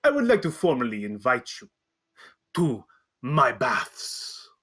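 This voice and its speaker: A man's voice: medium pitch, wildly swooping pitch, takes it slowly, fairly bright tone, slightly rough, voice pushed down, exaggerated voice. A man voicing a boastful, wealthy male merchant prince who speaks in grand, formal phrases.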